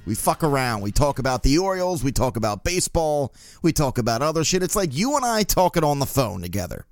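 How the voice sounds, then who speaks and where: A man hosting a podcast, telling stories in a casual, profane, animated way. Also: mid-range voice, fast, no echo, soft background music. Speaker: podcast host. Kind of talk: casual monologue.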